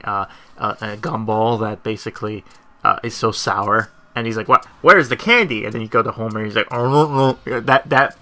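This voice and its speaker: A man's voice: lowish voice, pushed and bright. A man giving rambling gameplay commentary, laughing often and tripping over his words. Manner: rambling, laughing, lots of fillers and restarts. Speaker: gaming youtuber.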